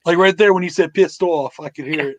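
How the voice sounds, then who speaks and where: High-voiced man hosting a podcast. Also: fairly quick, a bit bright. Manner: crude, swears freely, laughs often. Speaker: podcast host. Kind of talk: casual live podcast chat.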